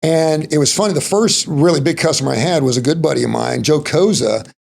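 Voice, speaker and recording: Middle-aged Texan man, Texas accent, chatty interview guest, heavy gravel, husky tone. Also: a little high, a little fast. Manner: rambling, folksy, full of "you know" and "like". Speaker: podcast guest. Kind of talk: casual interview storytelling.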